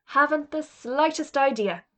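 A woman's voice: sits high, unhurried, pitched above the performer's own voice. A woman reading aloud, voicing a rude, sneering schoolboy in a storybook. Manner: sneering, insolent.

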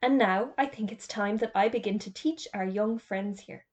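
A woman's voice: medium pitch, moderate pace, darkish tone, close to an everyday voice. Woman doing a cheery, courteous magician. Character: cheery polite male magician, sly and courteous.

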